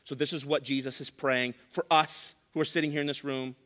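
Bright-voiced male pastor preaching in a hall. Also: medium pitch, flat delivery, a little fast. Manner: emphatic preaching, repeats key phrases, dry sarcasm. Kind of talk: sermon. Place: church sanctuary.

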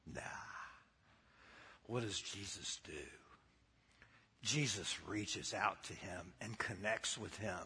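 A man delivers a sermon in a raspy, bright, somewhat high voice. His pitch swings widely as he tells the story and questions his listeners at an unhurried pace. A long hall reverb trails each phrase. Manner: keeps asking the congregation questions; lively storytelling with laughs. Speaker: preacher.

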